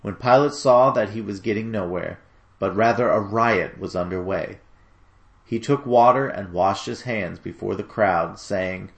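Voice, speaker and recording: Gravelly low-voiced man narrating scripture. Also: a little slow. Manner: steady, solemn storytelling. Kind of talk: dramatic scripture reading.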